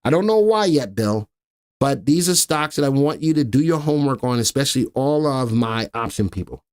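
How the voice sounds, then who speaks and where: Man, live stock show host, casual, thinks out loud, mid pitch, dry room. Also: expressive, smooth, dry recording. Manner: chatty, thinks aloud, reads ticker letters slowly. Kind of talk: live market analysis stream.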